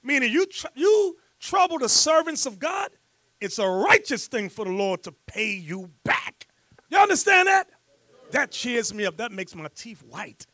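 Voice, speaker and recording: A man leading a scripture class as bishop, preaching fiery and loud, breaking into rants and shouts. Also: extremely high pitch, animated, unhurried, no room sound, clean studio sound. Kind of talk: sermon with rant and teaching.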